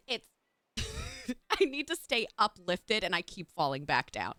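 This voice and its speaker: A woman's voice: fairly high pitch, huge pitch swings, measured pace, no echo, studio quality. Bubbly young woman streamer. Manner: bubbly, gushing, thanks chat warmly. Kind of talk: casual live-stream chat.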